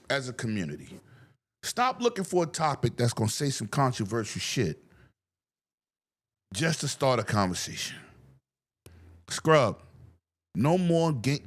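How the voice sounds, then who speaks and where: A male podcast host in casual gaming chat. His pitch swings widely as he talks. He is loose and profane and breaks into loud laughs. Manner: animated, profane, laughs loudly.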